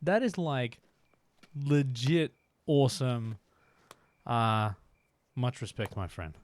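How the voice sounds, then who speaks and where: A man streaming a motorbike game live, chatting excitedly to his viewers while he plays. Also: mid-range voice, slow, no room sound. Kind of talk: live-streamed gameplay chat.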